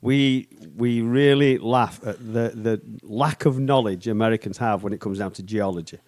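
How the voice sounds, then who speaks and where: A man's voice: fairly low pitch, normal speed, a little mellow. A man co-hosting a podcast, talking in a rambling, profane way with many restarts. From Canada. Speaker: podcast co-host. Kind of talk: casual chat.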